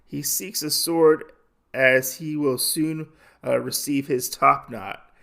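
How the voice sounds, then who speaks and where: A man plays a deferential father, soft-spoken and courteous, his voice lifted a little above normal talk. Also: mid-range voice, steady tone, slow, vocal fry. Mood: respectful. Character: polite humble father, adult man.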